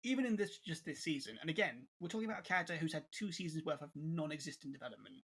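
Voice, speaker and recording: A man's voice: a little high, rapid-fire, slightly rough. Exasperated young man reviewing. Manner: animated, exasperated, many restarts and laughs. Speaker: co-host reviewer. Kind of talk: casual review chat.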